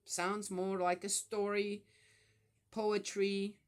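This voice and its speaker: A woman's voice: mid-range voice, flat delivery, takes it slowly. An older woman with grandchildren talking casually about family and faith, rambling with many fillers and restarts. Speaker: vlogger. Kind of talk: casual spiritual reflection.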